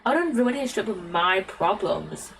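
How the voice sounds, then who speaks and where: A British woman voicing an anxious, guilt-ridden young woman in a video game, reading softly and hesitantly. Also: mid-range voice, expressive, measured pace, gravelly, recorded from a distance, noisy background. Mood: guilty, anxious.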